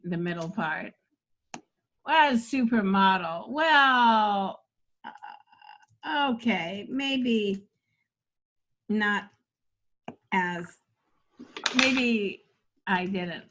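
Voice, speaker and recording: An older woman talks through jokes in a relaxed coaching chat, quick and animated, breaking into laughter again and again. Her voice sits at an ordinary middle pitch for a woman. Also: dull audio. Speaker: comedy coach. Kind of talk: casual workshop chat.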